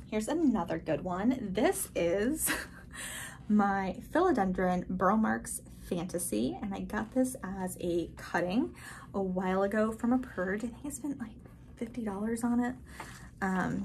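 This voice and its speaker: A woman giving a casual, chatty tour of her houseplants, gushing and excited, full of filler words. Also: medium pitch, a little hiss or hum. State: a bit out of breath. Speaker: plant vlogger. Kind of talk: casual plant tour vlog. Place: indoors at a grow tent.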